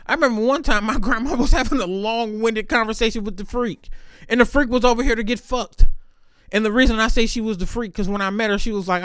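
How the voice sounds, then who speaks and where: A man with a higher-than-usual voice tells stories in a loose, candid, heavily profane monologue. He is recorded close and dry, with no room sound around him. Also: quick pace, fairly bright tone, smooth, no echo. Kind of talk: casual storytelling monologue.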